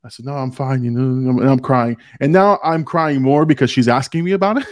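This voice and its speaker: A man's voice: medium pitch, lively intonation, fast, no echo, clean studio sound. A man hosting a podcast, talking earnestly in casual chat and often restarting as he tells personal stories. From Hispanic family background. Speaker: podcast host.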